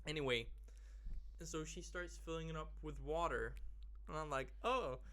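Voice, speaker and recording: This male podcast host, from a Persian family, tells a story during casual chat, swearing and acting out the people in it. His voice is a little high, his speed normal, and his manner animated.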